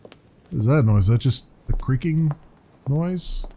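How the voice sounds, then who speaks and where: A man's voice: mid-range voice, expressive, measured pace, dark tone, a little hiss or hum. A man casually commenting while playing a video game, chatty and wondering aloud. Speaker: let's play commentator.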